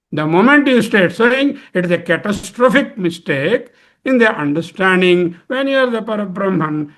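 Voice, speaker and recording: A man with an Indian English accent teaching a study circle, chanting verses and then explaining them slowly and with emphasis. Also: high voice, a bit bright. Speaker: spiritual teacher.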